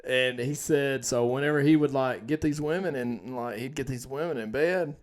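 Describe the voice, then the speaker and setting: A man's voice: mid-range voice, normal speed. A man co-hosting a crude casual chat, profane and joking, egging his partner on. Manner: profane, joking, eggs on the other host. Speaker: podcast co-host.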